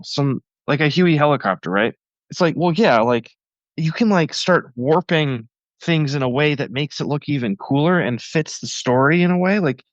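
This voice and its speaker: A man's voice: medium pitch, no echo, dull audio. A man talking as a guest on a podcast, enthusiastic and rambling with lots of fillers. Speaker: guest cartoonist. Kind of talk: casual podcast interview.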